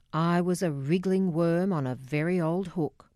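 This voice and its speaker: A middle-aged woman reading a memoir aloud, measured and quietly emotional, voicing the dialogue herself. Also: fairly low pitch, dry recording, studio quality. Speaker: narrator.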